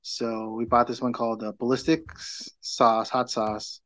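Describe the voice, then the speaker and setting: A man's voice: mid-range voice, little pitch movement, a little slow, fairly bright tone. A middle-aged man chatting as a podcast guest, rambling through a story with lots of fillers and restarts. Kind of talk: casual chat.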